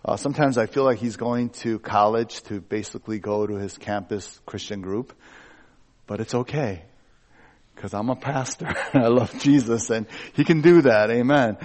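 A middle-aged male pastor preaches in a loose, conversational way, mixing personal stories with scripture. His voice sits at an ordinary mid pitch, and he talks candidly, often poking fun at himself. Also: normal speed, darkish tone. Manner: candid, personal and self-joking. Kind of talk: conversational sermon.

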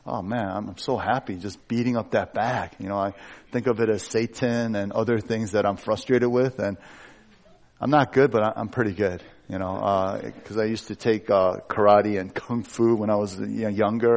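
A middle-aged man, a pastor, giving a conversational sermon in a candid, personal way and joking about himself. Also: fairly low pitch.

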